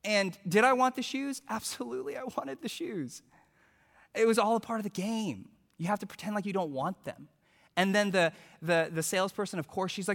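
A male preacher telling a story in a sermon, animated as he acts out quotes, then turning hushed and earnest. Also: high voice, fairly quick, big-room sound.

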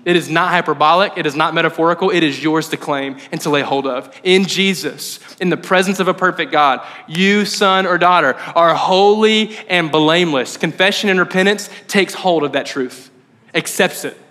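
A man preaching a sermon as pastor, conversational and animated, often checking in with the audience. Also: on the high side, moderate pace. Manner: conversational, animated, frequent "right?" asides. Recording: long hall reverb.

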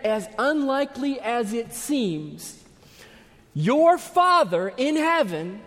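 A man with a high voice preaches slowly and deliberately. His earnest, emphatic delivery often sinks to a near hush at the ends of phrases. A long hall reverb trails behind every word. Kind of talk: sermon.

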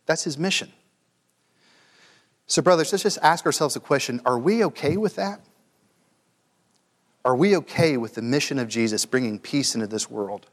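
A man's voice: mid-range voice, normal speed, pauses often, long reverb tail. A man preaching a sermon to a room of men, earnest and building to emphatic peaks, stumbling over repeated words.

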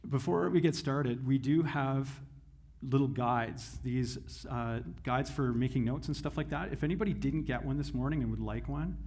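A man's voice: medium pitch, moderate pace, darkish tone. A man who is a campus pastor, preaching a sermon in a friendly, joking storyteller's manner.

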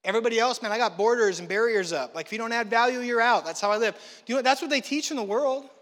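A man preaching a sermon, telling stories in a lively way and acting out the voices of the people in them. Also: very high voice, rapid-fire, in a large hall. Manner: animated storytelling, acts out quotes. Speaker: pastor.

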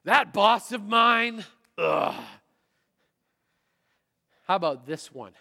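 A middle-aged man preaching a sermon, dramatic, voicing inner thoughts aloud and swinging from loud to hushed. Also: sits high, lively intonation, extremely slow, vocal fry, pauses often. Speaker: pastor. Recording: hall reverb.

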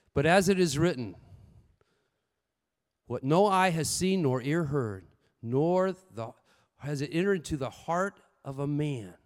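A man preaching a sermon with lively storytelling, swinging between loud bursts and hushed asides. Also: fairly high pitch, long reverb tail.

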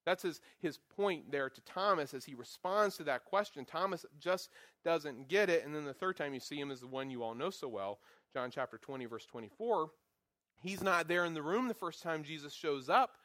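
Male Bible teacher, slightly high voice, playful lecturing with acted-out quotes. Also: normal speed, no room sound, studio quality. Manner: animated, acts out quotes with voices; jokey, self-deprecating asides.

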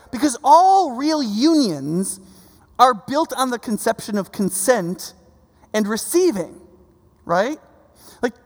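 A man preaching a sermon in a conversational, animated way, often checking in with the audience with "right?" and acting out quoted voices. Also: extremely high pitch. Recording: long reverb.

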